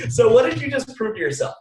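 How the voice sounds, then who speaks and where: A young man giving a motivational training talk, emphatic and energetic, speaking straight to his audience and hammering phrases through repetition. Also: extremely high pitch. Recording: echoey room, mic at a distance.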